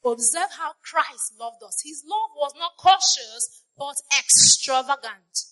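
Lively, high-voiced woman preaching. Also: slow. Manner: call-and-response, asks the congregation questions; emphatic, repeats phrases. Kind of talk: sermon.

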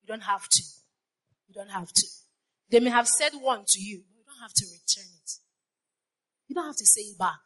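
A woman's voice: medium pitch, expressive, normal speed, long pauses, a bit bright, husky. A woman preaching a sermon, repeating her phrases and putting questions to the congregation. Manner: call-and-response, asks the congregation questions.

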